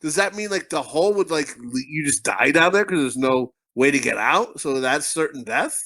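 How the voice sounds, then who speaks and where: A man co-hosting a comedy podcast, with a voice a little higher than most men's. He rambles through crude, profane stories. His talk is packed with "like" and loose restarts. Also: expressive, moderate pace, sharp tone. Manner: rambling, profane, full of fillers and laughter. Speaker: podcast co-host. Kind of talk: casual crude comedy chat.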